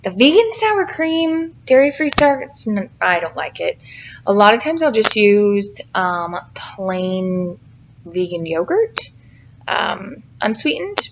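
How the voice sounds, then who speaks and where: A tired mom in her thirties talks through her dinner in a loose, chatty voice-over, full of fillers and little jokes at her own expense. Her voice has a gravelly fry, and a faint hiss sits under it. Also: medium pitch, very animated, slow, lo-fi sound. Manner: chatty, self-deprecating, rambling with fillers. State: tired, yawning. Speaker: cooking vlogger, mother. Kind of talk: casual cooking voice-over. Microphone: home voice-over mic.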